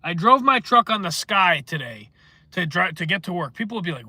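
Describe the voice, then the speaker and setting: A man's voice: sits high, big pitch swings, brisk, bright, forceful tone, dry recording. A man hosting a casual livestream, rambling and swearing as he answers chat comments. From northeastern United States. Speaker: livestream host.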